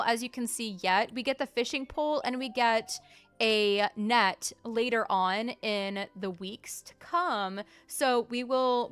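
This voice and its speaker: A woman's voice: on the high side, a bit bright, smooth. A woman chatting casually to her viewers while she plays through a cozy farming game on a live stream. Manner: chatty and upbeat, addressing the chat. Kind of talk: casual live gameplay commentary.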